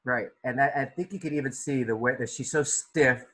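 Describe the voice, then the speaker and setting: A man's voice: medium pitch, a little fast, a bit bright, slightly rough, rough recording. Man teaching an art class over video call. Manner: conversational, questioning students by name, many restarts. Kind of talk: online class discussion.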